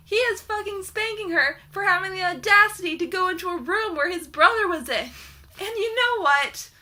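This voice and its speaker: A woman's voice: very high-pitched, bright, forceful tone. A young woman reviewing a book in a heated, sarcastic rant, swearing constantly.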